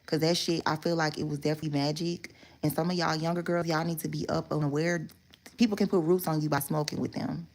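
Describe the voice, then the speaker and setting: A woman's voice: sits low, steady tone, fast talker, darkish tone. A woman talking straight to her viewers in a casual story time monologue, candid and rambling, with plenty of swearing. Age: adult. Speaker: vlogger telling a story.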